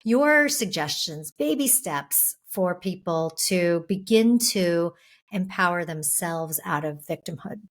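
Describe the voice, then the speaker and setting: A woman's voice: on the low side, animated, slow. A woman hosting a podcast, asking her guest questions in a thoughtful way and searching for her words. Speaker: podcast host. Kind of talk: podcast conversation.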